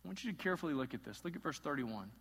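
A male pastor delivering an impassioned sermon, swinging between loud emphasis and hushed moments. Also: a little high, lively intonation, racing, creaky, slightly rough, long reverb tail.

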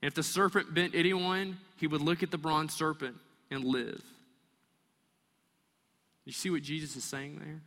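Animated preacher man in a reverberant hall. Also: fairly high pitch, moderate pace, pauses often. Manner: animated, acts out voices of complaining people and kids. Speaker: pastor. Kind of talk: sermon.

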